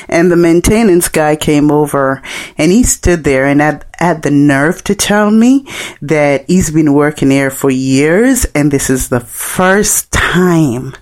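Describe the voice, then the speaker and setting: A woman's voice: low-pitched, unhurried, a little mellow. A woman from Jamaica with a Jamaican accent hosting a podcast and chatting through funny stories. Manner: chatty, joking, laughing between lines. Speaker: podcast host. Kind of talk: casual storytelling monologue.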